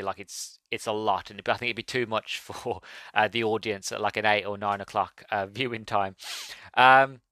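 Bright-voiced enthusiastic male book reviewer. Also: on the low side, no echo. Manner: enthusiastic, rambling, self-correcting. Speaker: podcast host reviewing a book. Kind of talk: casual spoken book review.

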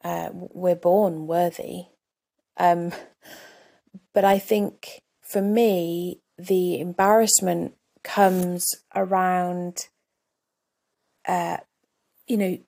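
A woman's voice: fairly low pitch, level tone, extremely slow, creaky, pauses often, mellow. A woman coach hosting her own podcast, talking candidly and reflectively in a conversational way. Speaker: life coach and podcast host. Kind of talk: solo podcast talk.

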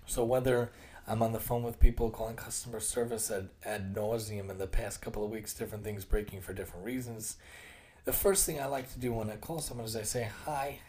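Earnest man with a dark, mellow voice. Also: fairly low pitch. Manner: earnest, repeats and restarts phrases; acts out quoted remarks in other tones. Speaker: podcast host; occupational therapist. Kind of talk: casual monologue.

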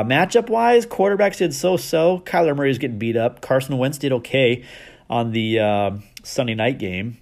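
A man hosting a fantasy football league podcast, recapping the week in a rowdy, joking way and teasing the league members. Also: medium pitch. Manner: energetic with big swings in loudness.

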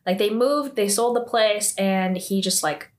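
A woman with a mid-pitched voice walks through a drama episode in a relaxed, offhand way. Her talk is scattered with fillers and small restarts, and she drops in her own opinions as she goes. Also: a little slow. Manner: loose and chatty, full of "like" and "um" fillers. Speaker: drama recapper. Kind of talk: casual spoken recap of a TV drama episode.

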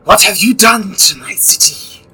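A man's voice: high voice, measured pace, sharp tone, husky, soft background music, pitched above the performer's own voice, full character voice. A man voicing a furious serpent woman who screams accusations at intruders in her ruined city.

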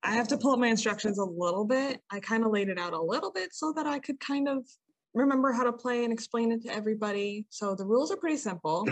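An animated woman from the United States takes the moderator's seat and walks her friends through the rules. She talks in a casual, chatty way, pokes fun at herself, and laughs easily. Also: mid-range voice. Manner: animated, self-deprecating, quick to laugh. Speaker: game moderator. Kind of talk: casual group chat, explaining game rules.

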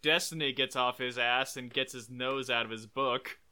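A man's voice: mid-range voice, fairly even intonation, normal speed, bright, forceful tone, smooth. A man on a podcast panel chatting casually about comics, joking and tossing off quips. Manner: joking, quips in character lines.

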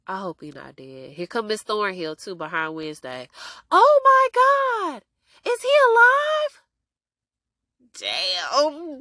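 A woman with a lowish voice, recorded dry, chats about a TV episode she's recapping for her podcast. A cold has left her nose stuffy, but she stays lively and talkative, addressing everyone as "y'all."

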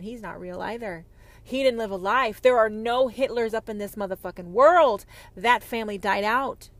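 Profane, confrontational woman ranting. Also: on the high side. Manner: profane, confrontational, sharp swings from loud to hushed. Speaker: podcast host. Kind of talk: ranting podcast monologue.

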